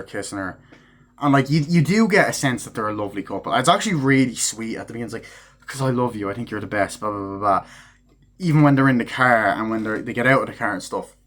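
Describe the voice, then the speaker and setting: Man of ordinary pitch for a loose, chatty spoken review that acts out quoted lines. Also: a bit bright. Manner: rambling, full of fillers and casual swearing; acts out characters' lines in quick snippets. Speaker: movie reviewer.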